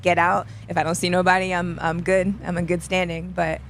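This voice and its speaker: A young woman, an athlete guest, telling a story in a casual interview. She is animated, acts out the dialogue and laughs often. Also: lowish voice, brisk, slight background noise.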